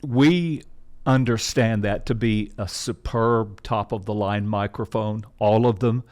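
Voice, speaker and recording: A man hosting a podcast, interviewing a guest in a measured way and steering the talk. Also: lowish voice, a little mellow. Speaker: podcast host.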